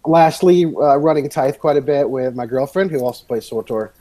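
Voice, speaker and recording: A man's voice: mid-range voice, normal speed, dark tone, low-quality recording. Rambling man on a gaming podcast. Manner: rambling, meandering. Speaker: podcast co-host. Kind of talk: casual chat.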